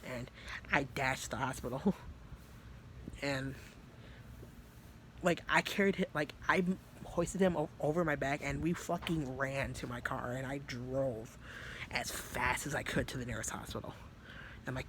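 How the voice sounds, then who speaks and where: A man's voice: mid-range voice, moderate pace, pauses often, bright, forceful tone, slight background noise. A man telling a story in a casual, rambling way, full of fillers and swearing. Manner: rambling, filler-heavy and profane. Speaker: vlogger.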